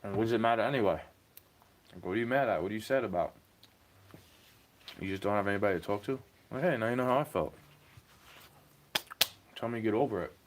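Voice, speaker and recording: Young guy ranting and cussing at his stream chat, lowish voice, bit of hiss behind. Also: fast, long pauses. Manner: agitated, swearing, rambling rant. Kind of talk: ranting monologue to a livestream chat.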